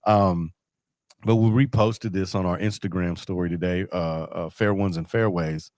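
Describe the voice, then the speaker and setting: A man's voice: sits low, moderate pace, no room sound. Dry-sounding man hosting a casual sports chat. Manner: animated storyteller, laughs often. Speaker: podcast host.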